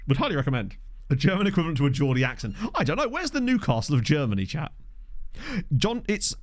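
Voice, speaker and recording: Lively, chatty young male streamer. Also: no room sound, clean studio sound. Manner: chatty, answers chat, lively pitch swings. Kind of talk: casual chat while playing. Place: home streaming setup. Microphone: desk microphone.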